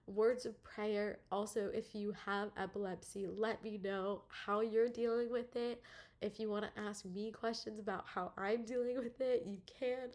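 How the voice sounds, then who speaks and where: A young woman in a personal video diary, close to tears, laughing nervously between words and using many fillers. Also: fairly high pitch. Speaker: vlogger.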